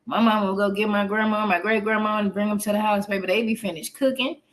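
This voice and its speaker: Speaking fast with a steady, medium-pitched tone, this middle-aged therapist chats folksily about grief on a casual podcast. She laughs easily as she talks. The audio quality is poor.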